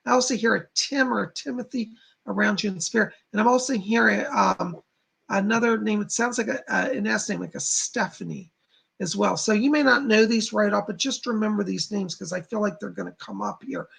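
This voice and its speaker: A psychic medium gives live readings in a heavily gravelly voice. His tone is husky and rough. He speaks to viewers in a halting, reassuring way. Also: high voice, fairly bright tone.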